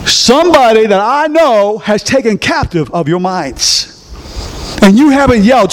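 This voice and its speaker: Very high-voiced animated male preacher. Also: a little slow. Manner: quizzes the congregation with fill-in questions; animated, bursts into shouts. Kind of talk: sermon.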